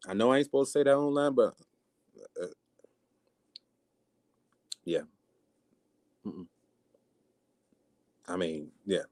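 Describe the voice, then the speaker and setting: A man with a mid-range voice speaks slowly and pauses often, recorded dry. He's hosting a casual livestream, offering blunt, animated commentary and acting out what people say.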